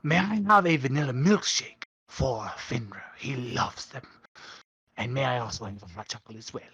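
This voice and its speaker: Husky, polite man player. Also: medium pitch, normal speed, pushed and bright, lo-fi sound. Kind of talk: tabletop role-play chat.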